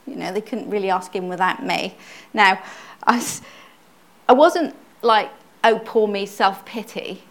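A middle-aged woman shares her testimony from the pulpit in an earnest, conversational way. Her voice sits at an ordinary middle pitch, and she often stumbles and restarts a phrase before pressing on. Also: a little slow. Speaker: church speaker, pastor's wife. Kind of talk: personal testimony sermon.

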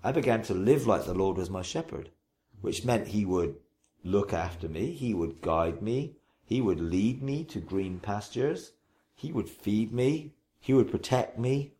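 A preacher talking earnestly in an interview about his faith, unhurried, often restarting and repeating phrases, and slowing to recite scripture with emphasis. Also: lowish voice, expressive, mellow. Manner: slow, emphatic recitation when quoting scripture. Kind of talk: reflective interview testimony.

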